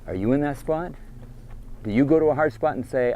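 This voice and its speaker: A trip leader lectures a group of kids outdoors, sternly firing off repeated questions and commands. His mid-range voice is warm and animated, his delivery brisk, with slight background noise.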